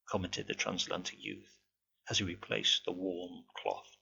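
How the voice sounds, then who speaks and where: A man narrating a ghost story in a measured, expressive way, in a dull lo-fi home recording with a faint hum. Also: low voice, creaky.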